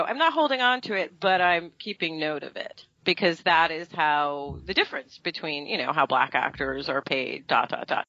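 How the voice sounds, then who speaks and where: A woman actress talking through her career in a casual interview. Her voice is bright and carries a lot of movement as she acts out quotes. The sound is dry and a little dull. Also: normal speed, hardly any pauses, no room sound. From New York. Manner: animated storytelling, acting out quotes with big pitch jumps. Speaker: actress and guest.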